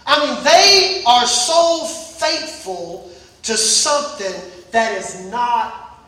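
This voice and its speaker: A pastor preaching a Sunday sermon with emphasis, repeating phrases and building up to shouts. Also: medium pitch, very slow. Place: church service. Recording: echoey church from far off.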